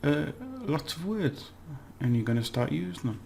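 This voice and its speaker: A man giving a relaxed, chatty language lesson, slowly repeating words for practice and laughing at his own slips. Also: a little high, gravelly, a little hiss or hum. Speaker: language teacher. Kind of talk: casual spoken language lesson.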